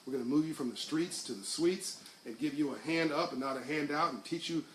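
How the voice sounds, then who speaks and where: A middle-aged man talks straight to his livestream viewers, with a somewhat high voice. He rambles with restarts and fillers, then rises into fervent, preacherly conviction. The sound is roomy and echoey, with a faint hiss underneath. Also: fairly quick. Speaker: livestream host reading viewer comments. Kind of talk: casual live talk to viewers.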